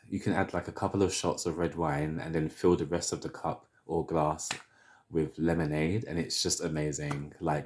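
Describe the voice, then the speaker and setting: A man in his thirties with a London accent, chatting casually to camera as a hair vlogger, chatty and opinionated with drawn-out asides. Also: rumbling low, darkish tone. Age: 30s.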